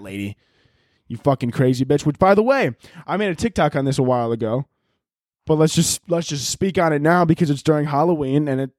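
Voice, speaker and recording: A man hosting his own podcast in a rambling, profane comedic monologue that breaks into loud yelled bits. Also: fairly high pitch, dry recording, studio quality. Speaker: podcast host.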